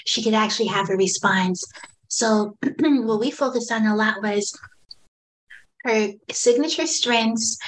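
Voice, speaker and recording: A woman who coaches children and families, telling client stories in an animated, conversational interview. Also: fairly high pitch, unhurried, slight background noise, rough recording.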